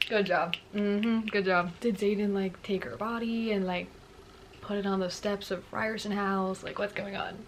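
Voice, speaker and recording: Woman, mid-pitched voice, book reaction vlog: gushing, exclaims a lot, hushes for read-out passages. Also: steady tone, a little slow, a little hiss or hum. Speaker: book vlogger. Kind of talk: excited book reading reaction.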